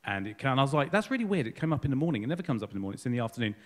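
A man's voice: medium pitch, animated, rapid-fire, big-room sound. A man giving a candid, rambling personal testimony at a church service. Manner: rambling and candid, self-deprecating. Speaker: congregation member giving a baptism testimony. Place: church hall.

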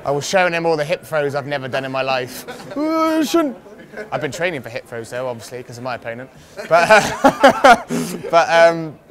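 A young man, a fighter, telling a rambling anecdote in a casual interview, swearing freely and laughing often. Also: medium pitch. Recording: crowd noise outdoors.

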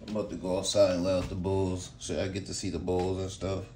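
A man's voice: deep voice, flat delivery, fast, darkish tone, slight background noise. A man casually vlogging about his dog kennel, rambling and laid-back, talking to viewers with lots of y'all and man. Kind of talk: casual vlog. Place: indoors at home kennel.

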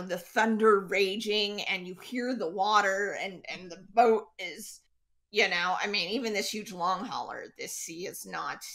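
A woman runs a tabletop role-playing game as its game master. Her voice is bright and forceful, and she speaks slowly. She often pauses on fillers as she sets each scene. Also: medium pitch. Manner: unhurried, hesitant with many fillers.

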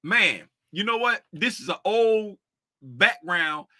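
Speaking straight to chat, a man casually discusses trading on his livestream and is easily pulled off topic. His voice sits high and sharp, expressive yet slow, recorded without room sound.

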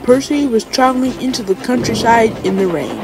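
A woman's voice: on the high side, a little fast, music in the background, rough recording. A woman narrating a children's story, reading with small slips and stumbles.

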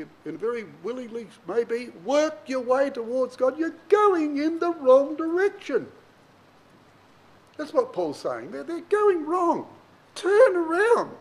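Male Bible preacher, higher voice, very lively delivery, reads verses then explains. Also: poor audio. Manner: reads King James verses then explains them plainly to the congregation; emphatic, varies pitch and pace widely for emphasis. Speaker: Bible teacher. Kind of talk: sermon with scripture reading.

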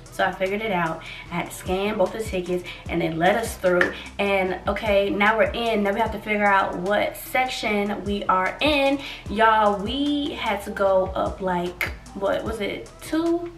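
A young woman telling a story to her viewers in a casual vlog, lively and expressive, acting out what she and others said. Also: medium pitch, moderate pace, roomy sound, distant mic, soft background music. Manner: animated, acts out quotes, addresses viewers as y'all. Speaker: vlogger.

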